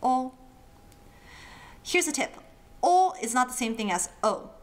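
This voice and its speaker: A woman's voice: fairly high pitch, big pitch swings, moderate pace. Playful woman teaching pronunciation. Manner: playful, demonstrates sounds with funny imitations. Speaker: language teacher. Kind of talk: friendly explainer lesson.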